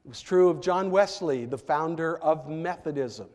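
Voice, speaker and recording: A man preaching a sermon as a pastor, telling a story in an unhurried way with emphatic rises, heard in the long reverb of a church sanctuary. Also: a little high, a little mellow.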